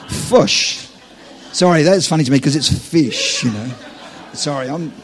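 A man's voice: on the high side, moderate pace. A man preaching live to a church audience, teaching on dreams in a joking, conversational, self-deprecating way.

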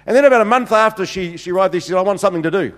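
A middle-aged senior pastor races through funny stories in his sermon, his voice high and his speech full of fillers. The humorous, anecdotal talk rings with long reverb in a church hall.

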